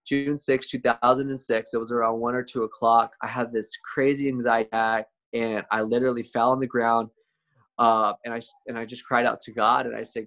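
A man's voice: mid-range voice, level tone, a little fast, fairly bright tone. A man as an interview guest, telling a personal testimony in a casual, conversational way, often saying "man" and "like" and restarting his words.

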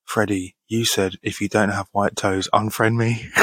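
Laid-back husky-voiced man in his thirties. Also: lowish voice, level tone, measured pace, sharp tone, no echo. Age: 30s. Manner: laid-back, laughs often, swears casually. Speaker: podcast host. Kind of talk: casual Q&A reading listener questions.

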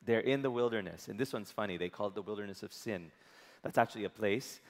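A man's voice: fairly low pitch, fast talker. Preaching man in a reverberant hall. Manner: asks the congregation questions. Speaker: pastor. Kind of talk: sermon.

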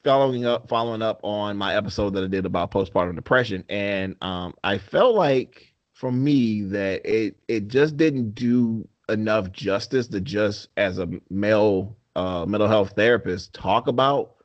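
A man hosting a mental health podcast rambles in a laid-back, casual way, full of fillers and the occasional curse. His voice is on the low side at normal speed, and the recording is muffled with no room sound.

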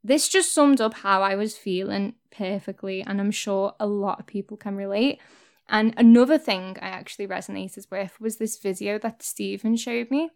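A young adult woman speaking to camera in a personal vlog. Her talk is candid and earnest, with the odd swear word, and she sits at a middling pitch. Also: gravelly, clean tone. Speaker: vlogger.

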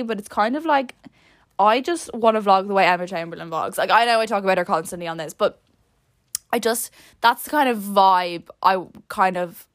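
A young Irish woman hosts a podcast, chatting casually and rambling through stories that poke fun at herself. Her voice is medium in pitch, and the recording is dry.

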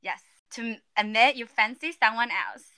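A woman's voice: a little high, lively intonation, moderate pace, sharp tone, no echo. A woman hosting a casual chat, animatedly explaining slang. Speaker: podcast host.

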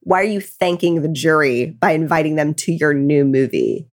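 A woman's voice: low voice, big pitch swings, moderate pace. A tipsy woman co-hosting a podcast, retelling a true crime case casually with angry asides. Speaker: podcast co-host.

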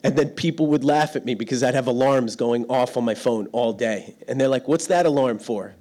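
In a church hall without windows, a middle-aged pastor preaches a sermon in a brisk, mellow, medium-pitched voice. He tells self-deprecating stories about himself and laughs often.

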